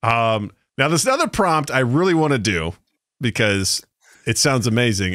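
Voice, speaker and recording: A man hosting a podcast in casual chat, lively and jokey, often laughing. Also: medium pitch, moderate pace, no room sound, clean studio sound. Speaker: podcast host.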